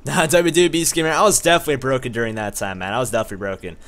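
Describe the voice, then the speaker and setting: Fast-talking man greeting stream chat. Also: medium pitch, steady tone. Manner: fast, upbeat shout-outs to chat viewers. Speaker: streamer host. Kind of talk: casual live-stream chat.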